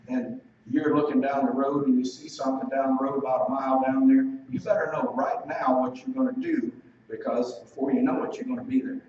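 A fairly high-voiced man preaching in a very echoey space, heard from a distance through a dull, lo-fi recording. He drives his points home with rhetorical questions and stretches out the words that matter most. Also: a little hiss or hum. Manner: emphatic, asks rhetorical questions; slows down for scripture and key points. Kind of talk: sermon. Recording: very echoey room, distant mic, dull lo-fi sound.

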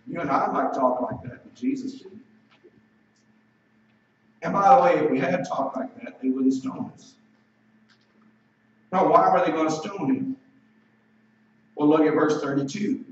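A fairly high-voiced man preaching in a very echoey space, heard from a distance through a dull, lo-fi recording. He drives his points home with rhetorical questions and stretches out the words that matter most. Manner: emphatic, asks rhetorical questions; slows down for scripture and key points. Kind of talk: sermon. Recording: very echoey room, distant mic, dull lo-fi sound.

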